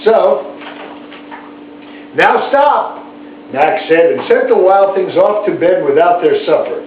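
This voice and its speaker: A man reading a picture book aloud to his pet bird at home, gentle and chatty, stopping for asides to his pet. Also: on the high side, expressive, moderate pace. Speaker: storybook reader to a pet bird. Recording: tinny, echoey, from far off, faint hiss.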